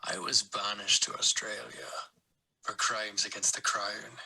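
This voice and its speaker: An actor playing a grim male convict banished to Australia, in a scripted ad narration with a raspy, hushed delivery. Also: lowish voice, little pitch movement, unhurried, heavily acted, low-quality recording. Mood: brooding. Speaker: wine label character.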